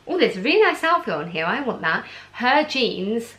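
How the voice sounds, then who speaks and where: A woman's voice: on the high side, big pitch swings, moderate pace, fairly bright tone, poor audio. A pregnant young woman from the UK, hosting a charity giveaway on her vlog, gushing with enthusiasm and filling her talk with "um" and "like". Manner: gushing, enthusiastic, lots of fillers like "um" and "like". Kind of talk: casual chatty vlog.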